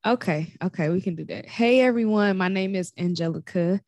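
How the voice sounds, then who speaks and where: A woman's voice: mid-range voice, a little fast, darkish tone, no echo. A young adult woman with a Chicago accent, a guest on a casual podcast, laid-back and candid.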